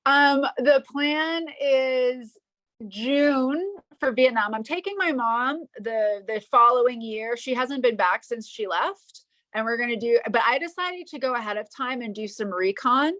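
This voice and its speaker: A woman guest on a podcast, talking in an emotional, halting way with many restarts. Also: fairly high pitch, a bit bright, dry recording. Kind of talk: casual interview chat.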